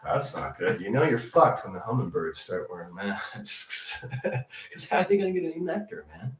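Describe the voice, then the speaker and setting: Young male host, animated swearing storyteller, lively pitch swings, roomy distant sound. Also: moderate pace. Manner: profane, laughing, animated storytelling. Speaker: comedic news show host. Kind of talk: rambling comedic monologue. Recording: echoey room, distant mic.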